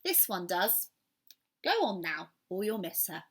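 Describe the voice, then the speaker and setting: A gentle mother barn owl who is firm with her chick, as a woman acts her out. She speaks slowly and calmly, in a bright voice. It sounds like a storybook read to children. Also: mid-range voice, slightly rough, heavily acted. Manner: calm, firm.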